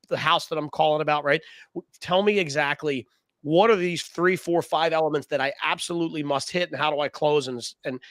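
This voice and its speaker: A man hosting a podcast, asking energetic, rambling questions in a casual interview. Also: on the high side, dry recording. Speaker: podcast host.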